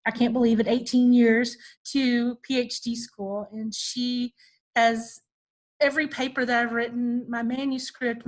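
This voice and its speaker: A woman's voice: a little high, rough recording. A woman nurse researcher on a video call, earnestly praising her student and near tears. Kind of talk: casual spoken tribute on a video call.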